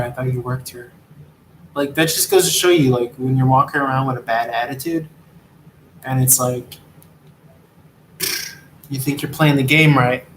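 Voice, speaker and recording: A man's voice: medium pitch, rough recording. A man giving a rambling, profane, streetwise spiritual monologue while riding an e-scooter in traffic. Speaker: tarot reader and delivery rider.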